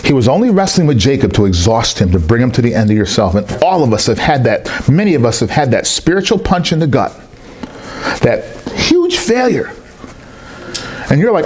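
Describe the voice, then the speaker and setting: Preaching at a moderate pace in a medium-pitched voice, a pastor brings his sermon stories to life by acting out the people's quoted lines. It's a church service held in a rented hall, with slight background noise.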